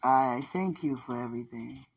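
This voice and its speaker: A man with a husky, breathy voice delivers spontaneous prophetic preaching. He repeats his declarations in a rhythmic pattern. At times he sinks into a hushed whisper, speaking from a bedroom. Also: mid-range voice, normal speed. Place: bedroom corner.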